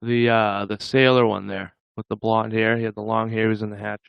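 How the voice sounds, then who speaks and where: A man's voice: on the low side, little pitch movement, brisk, gravelly, clear, resonant tone, no room sound, muffled recording. A man hosting a livestream, chatting casually with viewers in a rambling way and chuckling often. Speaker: livestream host.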